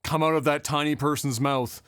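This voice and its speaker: Animated, laughing man in his thirties. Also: a little high, moderate pace, clean tone, no echo, clean studio sound. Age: 30s. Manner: animated storytelling, swears freely, laughs often. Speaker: podcast co-host. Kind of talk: casual chat.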